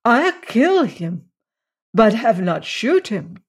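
A reader voicing a wan, childlike young woman who lisps and speaks simple broken English slowly, for a storybook reading. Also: medium pitch, sing-song, husky, pitched above the performer's own voice, full character voice.

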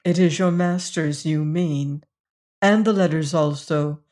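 A reader doing a sharp, contemptuous woman. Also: low voice, a little slow. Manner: crisp, scornful and firm. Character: shrewd, sharp-tongued woman, contemptuous and cool. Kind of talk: audiobook character reading.

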